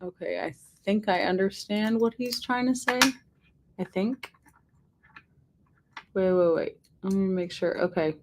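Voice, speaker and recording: A young woman chats at an unhurried pace while building something at home. She reacts aloud to each step and drifts into side tangents, in an even, middle-pitched voice. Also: slight background noise. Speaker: vlogger assembling a model. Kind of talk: casual chat while building.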